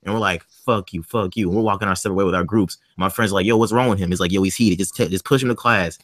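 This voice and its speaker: A man with a lowish voice tells a rowdy school story on a podcast, swearing freely and acting out everyone's lines. The sound is dry and close, with no room around it. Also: fast, no room sound. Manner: animated, profane, acts out quoted dialogue. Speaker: podcast panelist. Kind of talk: casual storytelling chat.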